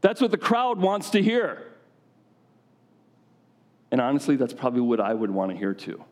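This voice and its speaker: A man's voice: medium pitch, wildly swooping pitch, normal speed, darkish tone. A man preaching a sermon to a gathering of men in a conversational style, often putting questions directly to his listeners.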